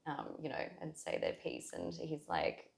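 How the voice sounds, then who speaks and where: A woman with a notably low voice shares a deeply personal story as a podcast guest, circling back and restarting her sentences with lots of "like"s. Her voice carries a roomy echo from the space around her. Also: very animated, measured pace, gravelly, darkish tone. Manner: heartfelt, rambling with many "like"s and restarts.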